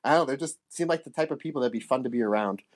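Fast-talking man on a podcast. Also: medium pitch. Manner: fast, animated, acts out quoted dialogue. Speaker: podcast host. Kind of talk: casual podcast chat.

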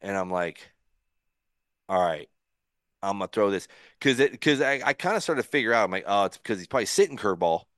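A middle-aged man with a fairly low voice spins a story as a podcast guest. He is animated, acts out his own inner thoughts, and trips over restarts. It is recorded close and dry, with no room sound. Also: brisk, long pauses, no room sound. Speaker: podcast guest, former pitcher. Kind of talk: casual storytelling.

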